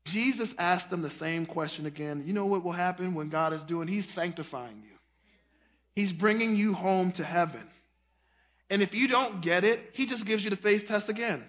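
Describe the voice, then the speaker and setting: Bright, high-voiced preaching man. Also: moderate pace. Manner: animated preaching, breaks into singing and shouting; folksy, calls the congregation y'all. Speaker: pastor. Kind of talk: sermon.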